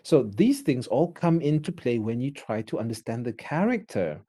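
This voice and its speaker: A man's voice: mid-range voice, normal speed. A man with a Malaysian accent giving a drama lecture, switching between English and Malay and acting out examples as he teaches. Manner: animated, mixes English with Malay; acts out examples while teaching.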